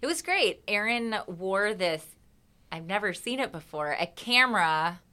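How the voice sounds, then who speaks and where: A woman's voice: medium pitch, lively intonation, measured pace, sharp tone, clear, resonant tone. A woman, a singer, chatting as a guest in an interview and acting out her own reactions as she tells a story. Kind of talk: casual interview chat.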